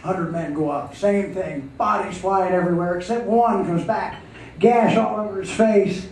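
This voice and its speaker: A man spins folksy jokes on a club stage in a fairly high voice. He is far from the mic in an echoey room with a faint noise floor. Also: normal speed, a little mellow. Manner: folksy storytelling with acted voices. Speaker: comedian and emcee. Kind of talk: live stand-up joke telling. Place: live music club stage.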